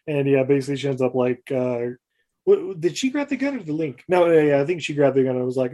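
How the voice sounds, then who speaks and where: A man's voice: medium pitch, animated, fast talker. A man co-hosting a podcast, casually retelling a movie plot with lots of fillers and playful quoted voices. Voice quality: mellow, rambling with many fillers. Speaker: podcast co-host. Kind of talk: casual movie recap chat.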